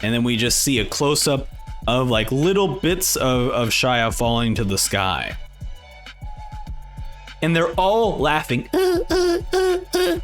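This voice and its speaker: A young man hosting a manga reading reaction, excited and animated as he talks. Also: mid-range voice, measured pace, long pauses, soft background music. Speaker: reaction host.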